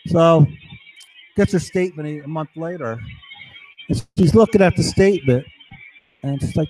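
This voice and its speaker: A man's voice: a little high, normal speed, long pauses, warm tone, no echo, soft background music, poor audio. A man talking in a rambling, conspiratorial monologue to camera, acting out other people's voices as he goes. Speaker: vlogger.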